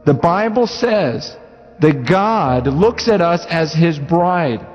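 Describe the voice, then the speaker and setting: A man preaching a sermon as a pastor, telling a story with lively, acted-out quotes. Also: a little high, takes it slowly. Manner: animated storytelling, acting out voices in quotes. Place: church hall. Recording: roomy hall reverb, dull audio, faint music.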